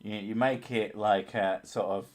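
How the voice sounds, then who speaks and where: A man's voice: lowish voice, fairly even intonation, measured pace, darkish tone. A man hosting a casual live stream, chatting crudely with lots of swearing and laughter. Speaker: streamer, host of a horror story channel.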